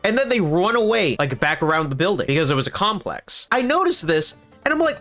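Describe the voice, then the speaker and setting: A man telling a storytime vlog, expressive and animated, swearing and laughing as he goes. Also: sits high, fairly quick. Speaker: streamer and video creator. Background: faint background music.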